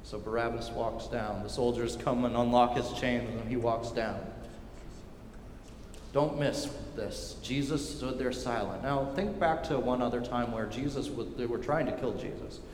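A male pastor preaching a sermon emphatically and with repetition, often dropping to a quiet intensity. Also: mid-range voice, moderate pace, slight background noise. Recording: echoey hall with long reverb.

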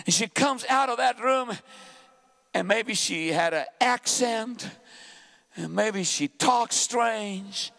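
A man preaching a sermon with passion, often shouting, racing through some phrases and drawing others out slowly. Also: high-pitched, vocal fry. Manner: impassioned, frequently shouting; swings between rapid bursts and slow drawn-out phrases.

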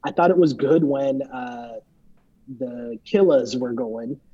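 A podcast co-host with a warm, mid-range, breathy voice speaks slowly. Rambling and joking, he recaps events in casual chat and imitates the people he talks about, all through a dull lo-fi mic.

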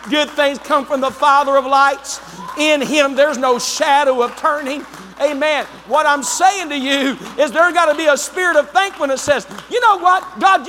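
A male pastor with an Ohio accent preaching a fervent sermon in a church, rising to shouts. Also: very high-pitched, slight background noise. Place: church sanctuary. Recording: long church reverb.

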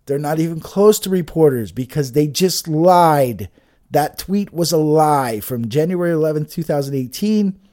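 A man's voice: a little high, lively intonation, moderate pace, dark tone. A man giving an agitated, profane political rant, full of restarts and swearing. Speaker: political commentator. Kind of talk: ranting political monologue.

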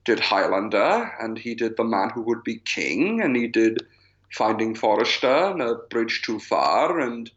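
A man's voice: mid-range voice, big pitch swings, measured pace, a bit bright, dull audio. A man co-hosting a podcast, chatting casually about films and laughing often. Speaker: podcast co-host. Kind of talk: casual chat.

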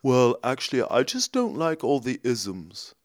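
A man's voice: medium pitch, huge pitch swings, unhurried, no echo, clean studio sound. A man doing a rambling, earnest talking dog. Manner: rambling, hesitant with many ums. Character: opinionated male dog, chatty and earnest.

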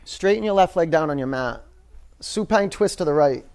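A man teaching a yoga class in a studio, giving relaxed cues and talking loosely with fillers. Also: fairly high pitch, normal speed.

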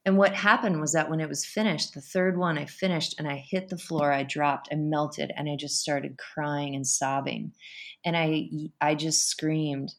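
A woman guest on an interview podcast, telling a personal story in an emotional, animated way. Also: low-pitched, moderate pace.

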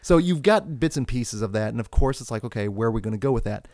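A man's voice: medium pitch, fast talker, dry recording, studio quality. A man co-hosting a casual film review chat, enthusiastic and reflective. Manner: enthusiastic, reflective, lively intonation. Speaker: podcast co-host.

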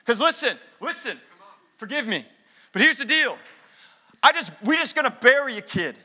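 Fired-up bright-voiced male preacher. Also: very high voice, sing-song, moderate pace. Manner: fired-up, emphatic preaching with repetition. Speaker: pastor. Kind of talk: sermon.

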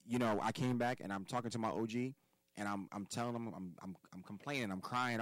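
A man's voice: lowish voice, steady tone, fairly quick, dry recording, rough recording. A man from Philadelphia, a podcast guest giving life advice in casual conversation, emphatic and profane, hammering points home by repeating words.

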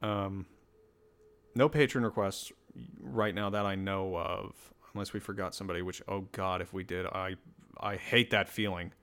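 A man's voice: sits low, fairly even intonation, normal speed, a bit bright, smooth. A man hosting a podcast alone, talking casually in a rambling, self-deprecating way. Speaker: podcast host. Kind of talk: casual solo podcast chat.

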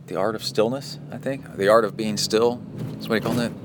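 Car noise sits behind this American host's low, fairly even voice as he talks a little fast during a solo podcast episode recorded while driving. He's casual and rambling, prone to tangents and self-corrections.

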